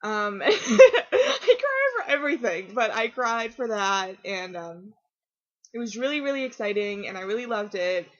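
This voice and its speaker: A teenage girl chatting casually to her camera at home, rambling and excitable, full of fillers and restarts. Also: mid-range voice, moderate pace. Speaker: vlogger. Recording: dull lo-fi webcam audio.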